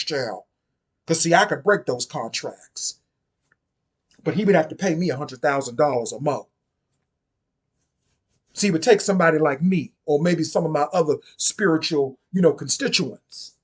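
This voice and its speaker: A man's voice: on the high side, lively intonation, normal speed, husky. A man giving casual spoken commentary on occult topics, sassy and chatty, often repeating and restarting his phrases.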